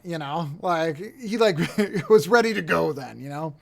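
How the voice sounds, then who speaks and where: A man's voice: a little high, lively intonation, normal speed, few pauses. A man co-hosting a podcast, retelling movie scenes in a loose, joking way with quoted voices. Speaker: podcast co-host. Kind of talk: casual movie recap chat.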